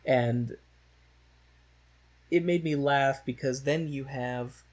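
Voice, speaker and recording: A man's voice: mid-range voice, fairly even intonation, a little slow. A man co-hosting a podcast, recapping a musical in a loose, rambling, joking way with many fillers. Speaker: podcast co-host. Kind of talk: casual chat recapping a musical.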